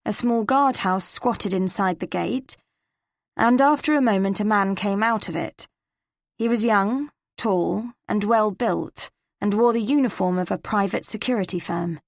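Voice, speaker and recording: A woman with an English accent, narrating a cozy mystery in first person with measured, crisp delivery. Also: mid-range voice, no echo, clean studio sound. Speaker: audiobook narrator.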